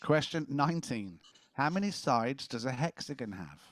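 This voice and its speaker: A man's voice: mid-range voice, lively intonation, normal speed. A man hosting a casual quiz, reading questions and joking between answers. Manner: jokey, chuckling as he reads questions. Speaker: quiz host.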